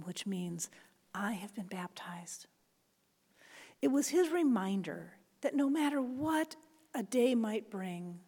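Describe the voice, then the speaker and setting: A woman pastor preaching a sermon in a church, earnest, dropping to soft whispers and rising for emphasis. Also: a little high. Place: church sanctuary. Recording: long reverb of a large church hall.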